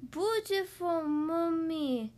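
A woman's voice: lively intonation, drawn-out words, darkish tone, full character voice. A woman voicing a clingy baby girl who wails and cries for her mother in a storybook reading. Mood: cooing. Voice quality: shrill, crying.

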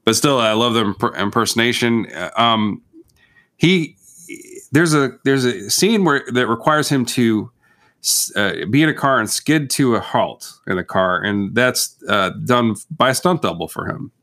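A man co-hosting a podcast, chatting casually about movies in a quick, teasing way. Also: mid-range voice, animated, fairly bright tone. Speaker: podcast co-host.

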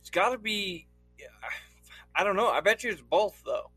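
A man's voice: sits high, lively intonation, moderate pace, bright, forceful tone, slightly rough, no room sound, faint music behind. A man co-hosting a podcast, trading crude jokes and acting out voices with lots of laughter. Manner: laughing, profane, acts out voices animatedly. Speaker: podcast co-host. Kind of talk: crude casual banter.

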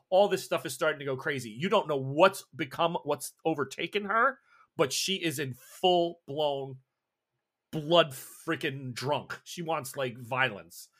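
A man's voice: on the high side, fairly bright tone. A man narrating as game master of a tabletop horror game, describing scenes with frequent restarts.

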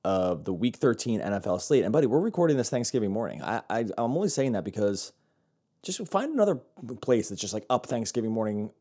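A man's voice: on the low side, lively intonation, fast talker, hardly any pauses, dark tone. A man hosting a sports podcast, chatting casually and rambling with frequent restarts. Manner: rambling, repeats words and restarts often. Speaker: podcast host.

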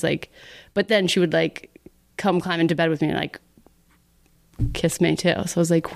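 A young woman from Texas with a fairly low voice tells a story to a podcast host in a loose, chatty way. She laughs often and slips into little voiced-out versions of her younger self. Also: fairly even intonation, fairly quick, gravelly. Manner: chatty, laughing often, acts out her own past words. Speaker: podcast guest. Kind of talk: casual storytelling interview.

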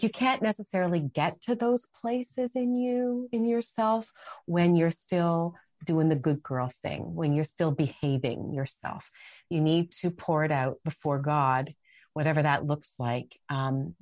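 Middle-aged woman, low voice, passionate faith talk, dry close sound. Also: a little slow, a little mellow, no echo. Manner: impassioned, dramatic acted-out quotes. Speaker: guest speaker. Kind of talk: faith podcast interview.

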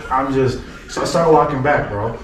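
A man's voice: mid-range voice, moderate pace, distant mic. A young man tells a story as a podcast guest, swearing freely and acting out the other people in it. His voice sits in the middle of the male range. He sounds set back from the mic in a roomy space with a faint hiss behind him. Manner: profane, animated storyteller who acts out the people in his story. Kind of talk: casual storytelling.

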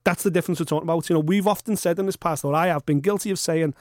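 High-voiced man ranting. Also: very fast, no echo, studio quality. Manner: animated, sweary ranting. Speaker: podcast host. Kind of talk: casual chat.

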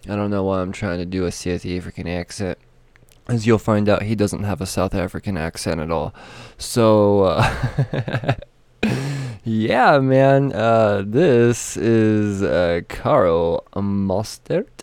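A man's voice: on the low side, takes it slowly, a little mellow, dry recording. Chatty man hosting a podcast. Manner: chatty, laughing, lots of fillers. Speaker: podcast host. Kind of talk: casual podcast interview. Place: small studio room.

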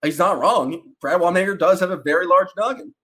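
Man, sports podcast co-host, casual joking chat, slightly high voice. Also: fast, fairly bright tone. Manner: loose, joking, trails off with fillers.

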